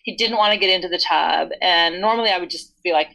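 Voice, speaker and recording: A woman's voice: fairly low pitch, brisk, creaky, rough recording. A woman in her forties chatting on a podcast, explaining parenting ideas through stories and acting out what a parent might say. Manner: warm explanatory storytelling, acts out parent lines. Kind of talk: casual podcast chat.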